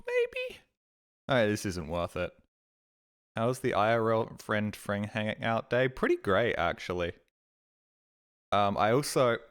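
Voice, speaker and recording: A low-pitched man talks casually to his stream chat from home. He rambles, swears freely and pokes fun at himself, speaking into a desk mic. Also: a bit bright, smooth. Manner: rambling, sweary, self-deprecating.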